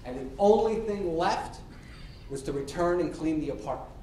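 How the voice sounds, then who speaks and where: A man giving a storytelling speech as a contestant at a public speaking competition, acting out the quoted dialogue. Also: moderate pace. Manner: lively, acts out quoted dialogue. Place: hall. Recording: echoey hall from far off with faint rumble.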